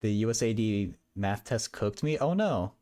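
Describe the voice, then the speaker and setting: A man's voice: lowish voice, expressive, moderate pace, warm tone. A young man livestreaming while he does math homework, chatting casually and often stammering and repeating words.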